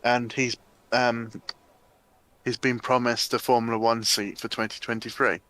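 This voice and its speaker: A man's voice: medium pitch, flat delivery, a little slow, fairly bright tone. A man chatting casually with a teammate while driving in a racing game. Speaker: sim racing driver. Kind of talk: casual chat while gaming.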